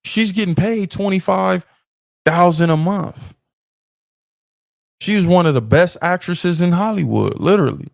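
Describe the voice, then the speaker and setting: Animated man riffing on a podcast. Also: high-pitched, unhurried, gravelly, long pauses, no room sound, studio quality. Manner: animated, repeats phrases for emphasis, laughs between points. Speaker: podcast host. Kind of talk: opinionated commentary.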